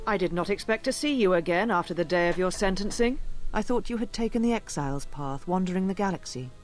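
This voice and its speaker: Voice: medium pitch, lively intonation, fast, soft background music, lightly acted. A performer voicing a stern elder in a video game, speaking in a formal, grave way.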